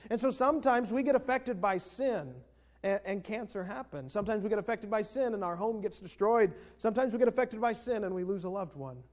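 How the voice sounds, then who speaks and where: High-voiced man preaching a sermon. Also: fairly quick, darkish tone. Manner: conversational, call-and-response with congregation. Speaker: pastor. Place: church sanctuary.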